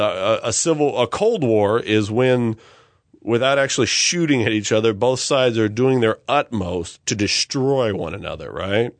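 A man co-hosting a podcast in casual chat, talking in an animated, ranting way and laughing easily. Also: fairly low pitch, dry recording. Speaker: podcast co-host.

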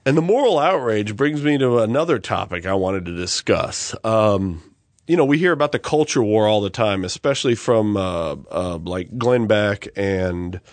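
A man co-hosting a podcast in casual chat, talking in an animated, ranting way and laughing easily. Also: fairly low pitch, normal speed, no room sound. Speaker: podcast co-host.

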